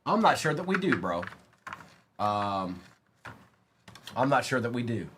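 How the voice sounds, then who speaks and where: Young male card-break streamer, unhurried delivery, lively swings in pitch, faint hiss behind him. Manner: excitable, chatty, calls out player names as he opens packs. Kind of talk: casual live-stream chat.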